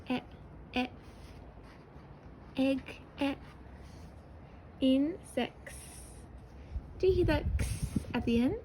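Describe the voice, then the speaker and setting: A woman teacher sounds out words for young children, slowly and patiently. Her voice sits high but has a mellow, soft tone. A faint hiss of background noise runs under the recording. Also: rough recording. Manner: slow, sounding out words syllable by syllable; patient, encouraging. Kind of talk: early-years writing lesson.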